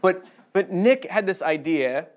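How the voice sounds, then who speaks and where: A man's voice: high-pitched, expressive, a little slow. A man preaching a conversational sermon, chatty and self-deprecating, with humorous asides.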